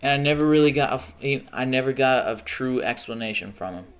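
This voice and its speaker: A man's voice: mid-range voice, fairly quick, clear, resonant tone. A young man livestreaming from home, ranting casually with lots of swearing and frequent restarts mid-sentence. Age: young adult. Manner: profane, ranting, frequent self-interruptions and restarts.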